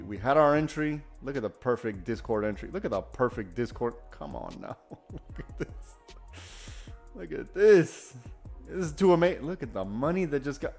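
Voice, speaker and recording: A man hosting a live trading stream, talking casually and excitedly, often restarting his sentences. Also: medium pitch. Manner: enthusiastic, rambling, self-correcting. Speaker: day-trading livestream host.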